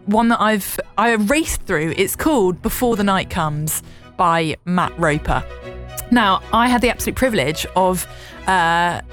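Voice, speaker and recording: A woman's voice: mid-range voice, expressive, measured pace, a bit bright, faint music behind. A young woman co-hosting a radio show, talking in a chatty, enthusiastic way with frequent laughter. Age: young adult. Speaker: radio co-host. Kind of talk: casual radio chat.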